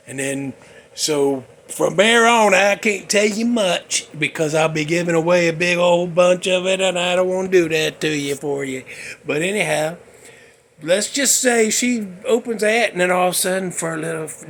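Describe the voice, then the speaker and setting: Hosting a loose, wandering conversation about films, this man has a slightly high, gravelly voice with a fairly bright tone. There's slight background noise, and he rambles in a folksy way, doing character voices as he goes.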